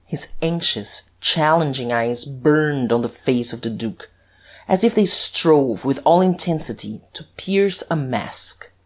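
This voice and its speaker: A man narrating a classic detective novel in a measured, even reading. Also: on the high side. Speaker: audiobook narrator. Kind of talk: scripted narration.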